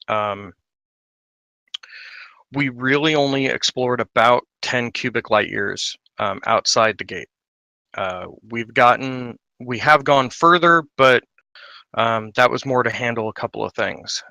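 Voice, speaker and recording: A man's voice: mid-range voice, creaky, pushed and bright, no echo. A man running a tabletop game as game master, narrating in character with a rambling, hesitant delivery. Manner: rambling, hesitant with many fillers.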